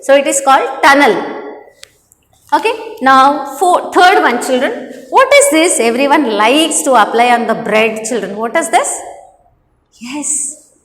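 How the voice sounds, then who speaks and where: Slow high-voiced teacher, echoey room. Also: female voice, expressive, a bit bright. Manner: slow, instructive, repeats "children" often. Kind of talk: classroom English lesson. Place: classroom.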